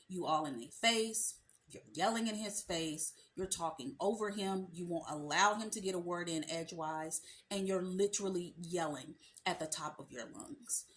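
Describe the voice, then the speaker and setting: A woman's voice: on the low side, a little hiss or hum. Woman, dating coach, sassy, emphatic, casual advice talk. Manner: sassy, emphatic, colloquial, addresses viewer as sis. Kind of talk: direct-to-camera advice talk.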